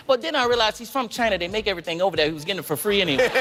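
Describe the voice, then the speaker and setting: Animated man telling stories. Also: very fast, long reverb tail, very noisy. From Georgia, United States. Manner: animated, jumps into high voices for quotes. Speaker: comedian guest. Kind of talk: storytelling in an interview.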